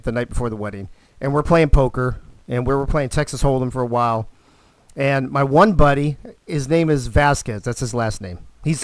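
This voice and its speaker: A man hosting a live stream, telling stories in a casual, animated way and swearing constantly. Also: mid-range voice, dry recording. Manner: profane, animated, fired-up storyteller. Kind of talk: casual storytelling.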